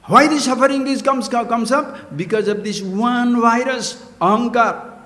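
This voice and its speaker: A man's voice: very high-pitched, a little slow, a bit bright. A man giving a spiritual discourse, emphatic and questioning, mixing in Sanskrit terms. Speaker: spiritual teacher. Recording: echoey hall.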